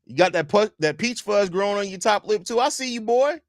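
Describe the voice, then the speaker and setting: An animated male podcast host with a high voice talks fairly quickly while running a casual sports live stream from home. Speaking loosely on a desk mic, he repeats phrases and reads chat questions aloud, recorded dry and at studio quality.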